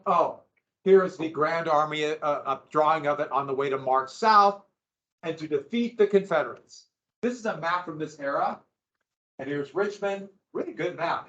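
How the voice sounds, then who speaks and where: A man's voice: on the high side, fairly bright tone. Wry, chatty male history teacher. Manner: chatty and wry, with asides and mild sarcasm. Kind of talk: classroom history lecture. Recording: echoey room, dull lo-fi sound.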